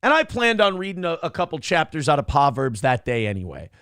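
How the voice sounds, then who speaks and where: A man's voice: on the high side, wildly swooping pitch, fairly quick, fairly bright tone, clean tone, dry recording, studio quality. A young man co-hosting a morning show, telling a story animatedly, acting out quotes and swearing freely. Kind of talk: casual storytelling chat.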